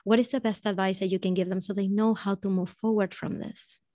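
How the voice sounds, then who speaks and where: A woman hosts a podcast, posing calm, open-ended questions to her guest in a voice of middling pitch. The recording is dry, with no room echo around her. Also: fairly quick. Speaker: podcast host. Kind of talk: interview questions.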